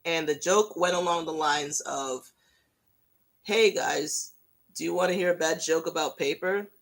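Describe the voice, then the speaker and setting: A fan hosting a casual livestream, telling a rambling, self-mocking story in an animated way. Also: medium pitch, a little slow, gravelly.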